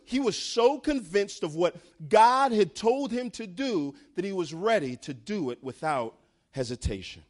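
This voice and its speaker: A male pastor preaching a sermon in an emphatic way, building in intensity. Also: on the high side.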